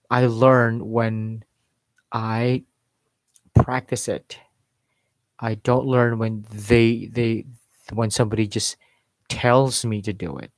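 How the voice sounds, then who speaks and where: A man who learned as a teaches in an unhurried, measured way. He often circles back to repeat a point for emphasis. His voice sits at an ordinary pitch and sounds dry and close. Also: dry recording. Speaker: English accent coach. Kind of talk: unscripted teaching talk.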